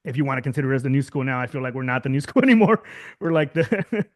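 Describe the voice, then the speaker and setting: In a casual interview, a Southern California guest musician in his thirties speaks fast at medium pitch with lively intonation. His talk rambles, full of fillers and restarts, and he laughs often.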